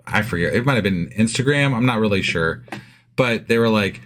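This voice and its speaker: A man's voice: lowish voice, moderate pace. A man co-hosting a podcast, blunt and profane in casual, argumentative chat. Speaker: podcast co-host.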